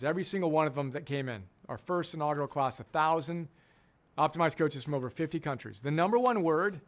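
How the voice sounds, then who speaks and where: A middle-aged man, a coach and program founder, giving an emphatic teaching talk and repeating key phrases for effect. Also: on the high side.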